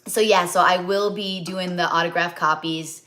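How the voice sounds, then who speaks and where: A woman's voice: fairly low pitch, fairly even intonation, moderate pace, bright, forceful tone. A middle-aged woman rambling in a chatty way as she hosts a live cooking stream. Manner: chatty and rambling, many fillers and asides. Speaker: cookbook author hosting a live cooking stream. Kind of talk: casual live cooking chat.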